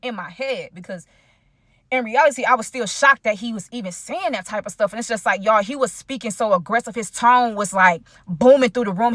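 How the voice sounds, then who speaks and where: A young woman telling a storytime vlog in an animated, chatty way, talking straight to her viewers. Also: on the high side, dry recording, studio quality. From United States. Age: young adult. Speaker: vlogger.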